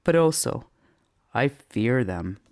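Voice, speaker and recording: A woman voicing a weary family dad who speaks calmly and flatly. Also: extremely low pitch, slow pace, pitched below the performer's own voice, heavily acted. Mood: deadpan. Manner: flat, controlled, deadpan. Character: weary, deadpan family dad, calm but frazzled.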